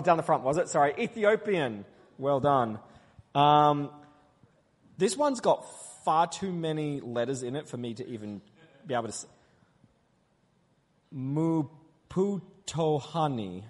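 A man preaching a sermon, playfully quizzing his congregation and calling out their answers. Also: a little high. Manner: playful, quizzing the crowd, loud call-and-response. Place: church hall. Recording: long hall reverb.

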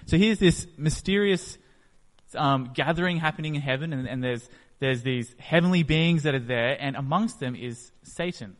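A man's voice: fairly high pitch, normal speed. Man preaching in an echoey hall. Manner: storytelling, acts out the scene. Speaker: pastor. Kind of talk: sermon.

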